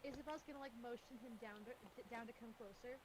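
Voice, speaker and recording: A woman playing a tabletop game, talking in a quick, hesitant way full of fillers. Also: on the high side, husky, rough recording. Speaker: player.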